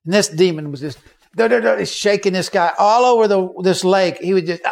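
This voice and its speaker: Animated male preacher, fairly high voice. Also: fast talker. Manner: animated, acts out quoted voices and shouts. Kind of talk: sermon storytelling.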